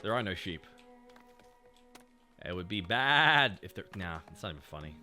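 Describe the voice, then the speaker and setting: A man's voice: low voice, sing-song, normal speed, sharp tone, faint music behind. A man chatting casually and joking with profanity while he streams a game. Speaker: VTuber streamer.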